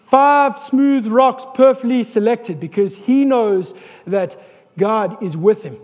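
A man preaching an animated sermon as a pastor, with joking asides and calls for amens. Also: sits high, takes it slowly, big-room sound, muffled recording.

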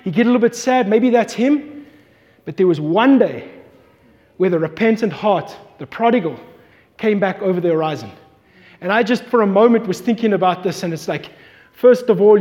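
Male preacher, high voice, storytelling sermon, long hall reverb. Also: a little mellow, lo-fi sound. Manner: storytelling, acts out voices in quotes.

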